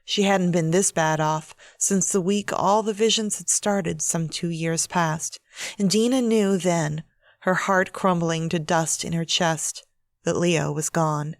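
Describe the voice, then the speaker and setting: A woman author reading her own novel aloud in a measured, steady audiobook narration. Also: on the low side, no echo, clean studio sound.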